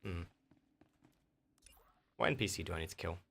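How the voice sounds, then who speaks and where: English guy streaming games, low bright voice, jokey and chatty with his viewers. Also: moderate pace, vocal fry. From England. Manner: joking, laughing, answering chat. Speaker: game streamer. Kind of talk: casual chat with stream viewers.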